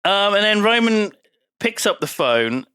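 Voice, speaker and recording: A man's voice: high-pitched, sing-song, unhurried, bright, forceful tone, clean tone, no echo. A man co-hosting a podcast, recapping a film in a wry, casual way with some swearing. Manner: wry, swearing, puts on character voices. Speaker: podcast co-host.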